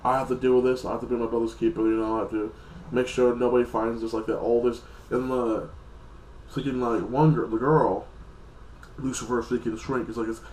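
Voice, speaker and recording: A man's voice: mid-range voice, level tone, fairly quick, a little mellow, echoey room, a little hiss or hum, rough recording. Rambling man recapping a TV episode. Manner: rambling, loose, heavy filler words. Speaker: TV episode reviewer.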